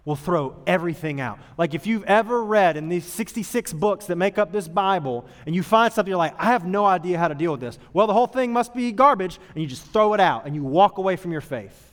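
A man preaching as a youth pastor in a church auditorium, talking in a casual, earnest way that moves from loud emphasis to hushed tones. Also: high voice, expressive, brisk, hardly any pauses. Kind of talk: sermon to youth group. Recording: long hall reverb.

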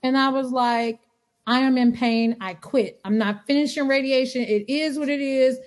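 Animated woman telling a story. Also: high voice, normal speed. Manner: animated storyteller acting out quotes. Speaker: podcast guest. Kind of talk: casual chat.

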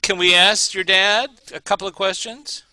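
A man's voice: high-pitched, fairly even intonation, normal speed, bright, forceful tone, clear, resonant tone. A man hosting a podcast in casual chat, playful and teasing, laughing often. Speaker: podcast host.

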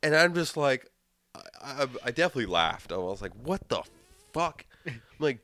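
A man's voice: mid-range voice, very animated, normal speed, bright, forceful tone, no room sound. A young man co-hosting a casual podcast from a home garage, telling stories in a drawling, heavily profane way. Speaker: podcast co-host.

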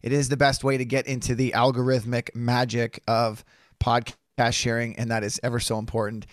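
Dry-toned sarcastic podcast host. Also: male voice, mid-range voice, flat delivery, moderate pace, dry recording. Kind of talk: casual political talk.

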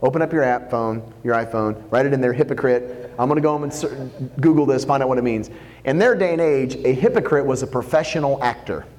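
A man preaching a sermon, animated and jokey, acting out quotes as he goes. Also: medium pitch, brisk, big-room sound. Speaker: pastor.

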